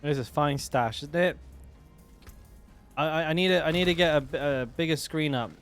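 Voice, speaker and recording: A man's voice: fairly high pitch, normal speed. A young man streaming a game, talking in a laid-back, rambling way with plenty of slang. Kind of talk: casual live-stream commentary. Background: game music.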